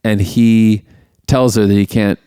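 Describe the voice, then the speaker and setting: A man's voice: unhurried, smooth, dry recording, clean studio sound. A man casually retelling a movie plot on a podcast, acting out characters' lines in bursts. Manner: animated retelling, acting out quotes in high voices. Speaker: podcast co-host. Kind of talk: casual movie recap chat.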